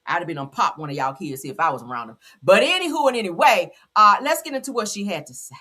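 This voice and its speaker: Blunt, sassy woman with a husky voice. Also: fairly low pitch, quick pace. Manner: blunt, profane, sassy and animated. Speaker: commentary channel host. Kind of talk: gossip commentary.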